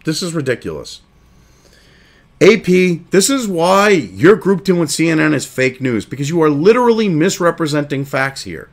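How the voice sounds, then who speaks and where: Animated, foul-mouthed male commentary host. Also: on the high side, moderate pace. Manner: angry, sarcastic, heavy swearing; mocks others in put-on voices. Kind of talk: profane political commentary rant.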